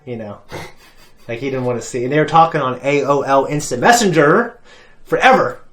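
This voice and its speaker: A man's voice: mid-range voice, animated, moderate pace, fairly bright tone. A man, hosting a casual reaction-show chat and telling stories with lots of laughter and fillers. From Ohio. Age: adult parent. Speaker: reaction channel host.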